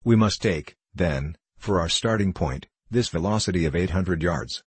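A man lending a deep, slightly husky voice to a stately president of a gunnery club, composed and methodical, in a dry storybook reading. He lays out each point in calm, ordered sentences. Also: dry recording. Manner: measured, composed oratory.

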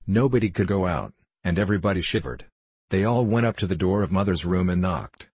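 A man narrating a classic children's story in a measured storytelling manner. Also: low-pitched, lively intonation, breathy edge, no echo. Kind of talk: audiobook narration.

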